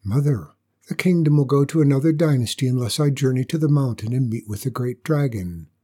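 A man's voice: mid-range voice, a little fast, warm tone, husky, lightly acted. A man voicing a brave young girl who is to become empress, earnest and resolute, in a storybook reading. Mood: determined.

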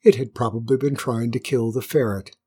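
A woman narrating a children's story with gentle, wry asides. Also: extremely low pitch, steady tone, brisk, breathy edge.

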